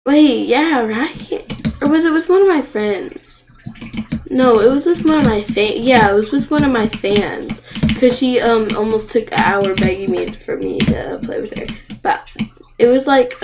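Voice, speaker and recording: Young female streamer: high, unhurried voice, excitable outbursts, water noise behind. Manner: excitable, gasping and crying out at the game, then rambling. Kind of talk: live game stream commentary.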